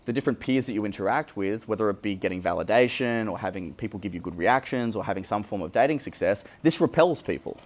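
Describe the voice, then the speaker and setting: Blunt young Australian man, lowish voice. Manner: casual, blunt, swears freely. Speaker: dating coach. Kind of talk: candid vlog monologue.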